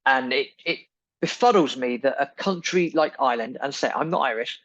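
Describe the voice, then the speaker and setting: A man's voice: mid-range voice, a little fast, a bit bright, dry recording, dull audio. A man hosting a podcast, delivering an indignant, emphatic opinion monologue full of repeated phrases. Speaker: podcast host.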